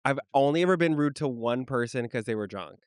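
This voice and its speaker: A man hosting a podcast in casual chat, playful and quick to laugh. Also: medium pitch, expressive, smooth, dry recording, studio quality. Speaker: podcast host.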